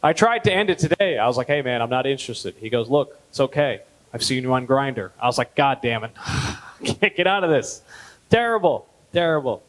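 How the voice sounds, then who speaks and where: A man's voice: brisk, poor audio. Man in his thirties doing stand-up. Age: 30s. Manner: deadpan storytelling, with lively jumps in pitch on punchlines. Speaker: stand-up comedian. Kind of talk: stand-up comedy set. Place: gala event hall.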